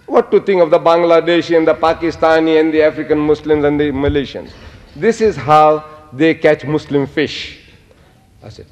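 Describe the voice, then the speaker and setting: Older man lecturing in an echoey hall. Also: on the high side. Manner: animated, quotes Arabic phrases. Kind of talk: public lecture with storytelling.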